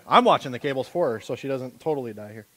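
A man preaching a sermon as pastor, animated and conversational, joking with a volunteer on a church stage. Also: mid-range voice, fast talker. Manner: animated, rising to loud impassioned preaching.

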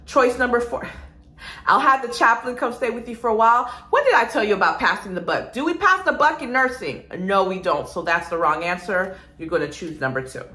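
A woman nursing instructor delivers an energetic exam-prep lecture, calling her students "guys" and posing questions she then answers herself. Her voice is fairly high-pitched, and the sound is reverberant.

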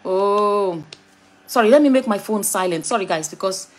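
A middle-aged Nigerian woman vlogger with a Nigerian accent talks frankly to camera, drifting off topic and back. Her mid-range voice is animated and moderately paced, with a little hiss or hum in the audio.

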